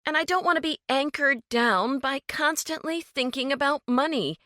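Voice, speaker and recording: A woman's voice: a little high, measured pace, fairly bright tone, dry recording, studio quality, pitched above the performer's own voice. A woman voicing a grieving, earnest woman who asks pointed questions and grows defiant.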